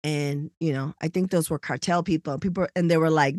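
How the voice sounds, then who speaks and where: A woman's voice: low voice, a little fast, hardly any pauses, dry recording. Chatty woman telling a story on a podcast, does little voices for people, dead dry mic. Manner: animated storytelling, acts out quoted people. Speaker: podcast co-host. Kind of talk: casual chat.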